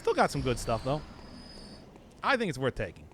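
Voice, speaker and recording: A man's voice: medium pitch, huge pitch swings, normal speed, a bit bright, a little hiss or hum. A man streaming a video game, chatting casually in a rambling, joking way and laughing often. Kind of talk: casual live-stream commentary.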